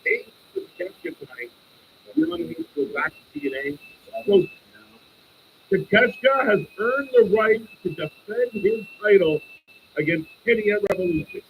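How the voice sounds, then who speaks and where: A man hosting a live stream and reviewing a wrestling show, casual, opinionated and profane, with bursts of excited ranting. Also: moderate pace, vocal fry, lo-fi sound, slight background noise. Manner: animated, swings up into high excited bursts while ranting.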